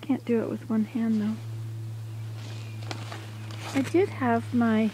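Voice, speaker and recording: Woman vlogger, rambling casual chat, mellow tone, outdoor camera sound. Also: on the high side, steady tone, slow pace, slight background noise, rough recording. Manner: rambling, chatty, thinking aloud. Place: outdoors by a marsh.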